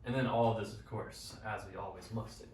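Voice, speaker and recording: Young male coach, casual slangy teacher, lowish pitch, recorded off-mic in an echoey room. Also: fairly even intonation, brisk. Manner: casual, upbeat, slangy explaining. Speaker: business coach. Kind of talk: whiteboard business lesson. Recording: roomy, from a distance, faint noise.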